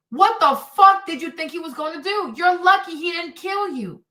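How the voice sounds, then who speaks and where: A woman hosting a stream, ranting in an animated, exasperated way, swearing freely and sometimes breaking into shouts. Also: very high-pitched, normal speed, far from the mic. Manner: bursts into shouts. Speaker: host. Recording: echoey room, off the mic.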